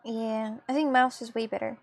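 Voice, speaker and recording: A woman's voice: on the high side, fairly even intonation, normal speed. A young woman chatting casually with her viewers while drawing on a livestream, laughing often and reacting to chat. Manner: giggly, chatty, talks to viewers. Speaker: streamer.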